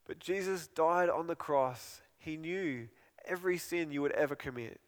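Earnest preacher in a reverberant hall. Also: male voice, on the high side. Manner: earnest, repeating phrases, pleading pauses. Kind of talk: sermon.

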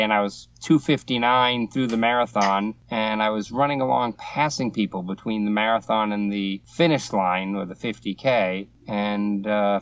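A man in his sixties with a Boston accent, telling rambling, self-deprecating stories as an interview guest. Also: on the low side. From Boston area. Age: 60s. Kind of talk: casual anecdotal storytelling. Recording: dull, slightly distant, dry mic.

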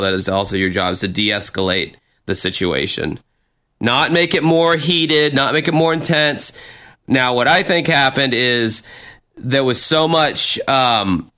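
A man casually telling a story on a chat show, animated and swearing, acting out what people said. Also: mid-range voice. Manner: animated, acts out quotes with profanity.

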